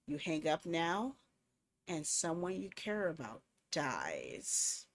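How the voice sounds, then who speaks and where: Woman playing a male stalker on the phone, hoarse, gruff, deep, slow menacing murmur. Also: huge pitch swings, exaggerated voice. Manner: slow, low threatening murmur.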